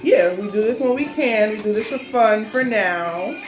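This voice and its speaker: A woman's voice: mid-range voice, lively intonation, moderate pace, soft background music. A woman co-hosting a casual mukbang chat, talking loosely with lots of fillers while she eats. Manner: chatty, loose and rambling, full of fillers. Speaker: mukbang co-host. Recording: roomy echo.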